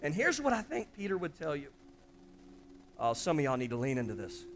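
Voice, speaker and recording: A man's voice: a little high, big pitch swings, fairly quick, slight background noise. A male pastor preaching an impassioned sermon, often calling out to the congregation.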